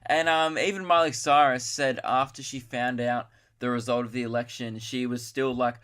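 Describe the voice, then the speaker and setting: A man's voice: medium pitch, fairly even intonation, normal speed, few pauses, a bit bright. Young guy riffing solo on his comedy podcast, loose and self-mocking. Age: 20s. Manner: rambling, self-mocking, puts on voices for impressions. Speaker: podcast host.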